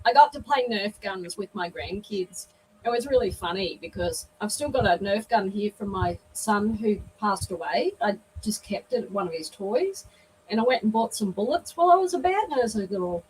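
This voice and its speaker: A woman's voice: mid-range voice, normal speed. Laughing older Australian woman, distant mic. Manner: lively storytelling, laughs often. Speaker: guest. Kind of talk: casual chat. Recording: distant mic, faint background noise.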